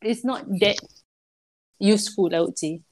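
A woman's voice: mid-range voice, moderate pace. A young Singaporean woman chatting on a podcast, venting about office work with many "like"s. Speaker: office worker guest. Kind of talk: casual podcast chat.

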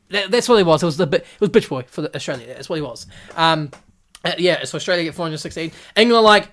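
Excitable, profane man recapping cricket. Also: high voice, a little fast. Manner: excitable and profane, acts out players in mock voices. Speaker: podcast host.

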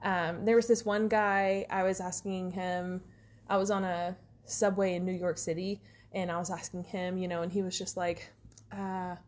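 A woman's voice: fairly low pitch, flat delivery, normal speed, a little mellow, slight background noise. A woman co-hosting a podcast, telling stories in casual chat with lots of fillers and restarts. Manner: rambling storyteller, many fillers. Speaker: podcast co-host.

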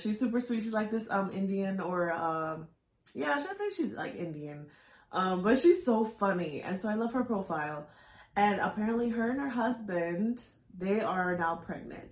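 A woman's voice: mid-range voice, echoey room. A woman co-hosting a podcast, speaking candidly and tearfully, searching for words with frequent restarts. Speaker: podcast co-host. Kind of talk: candid emotional podcast talk.

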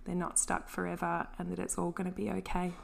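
A woman hosting a solo podcast, talking in a gentle, earnest and encouraging way. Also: fairly low pitch, completely flat delivery, a little fast, gravelly, a little hiss or hum. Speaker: podcast host. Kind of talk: solo podcast talk on anxiety and self-care.

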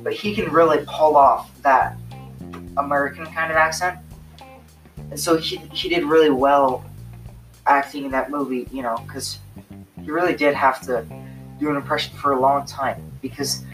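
A man's voice: a little high, fairly even intonation, moderate pace, pauses often, fairly bright tone. A young man co-hosting a casual chat, giggly and rambling, recorded from a distance with faint guitar music behind. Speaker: co-host.

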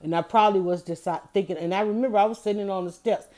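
This motivational podcast monologue comes from a middle-aged woman host who talks fast in a mellow, mid-range voice. Her style is emphatic and repetitive, and she refers to her listeners as y'all.

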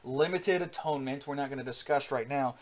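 A man's voice: medium pitch, a little fast. A man preaching an earnest sermon with rising emphasis, frequent fillers and restarts. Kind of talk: sermon teaching.

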